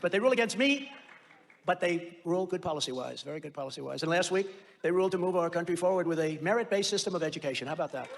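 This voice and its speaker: Fast, high-voiced man giving a rambling speech. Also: a bit bright, slight background noise. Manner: rambling, boastful, repetitive. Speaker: political speaker. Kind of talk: rally speech.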